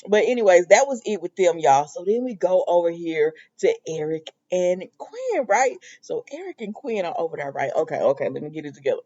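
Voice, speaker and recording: A woman casually recapping a soap opera episode in a chatty, animated way, laughing as she retells scenes. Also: on the low side, fairly quick, hardly any pauses. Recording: dull lo-fi dry recording.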